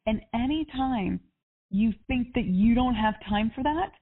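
A woman's voice: a little high, lively intonation, a little slow, husky. A woman life coach on a coaching call, chatty and upbeat, with lots of casual fillers. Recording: tinny phone line.

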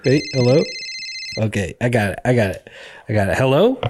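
A man hosting a comedy show, talking in a dry, earnest, halting way. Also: mid-range voice, expressive, a little mellow, slight background noise. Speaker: host. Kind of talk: deadpan comedy chat.

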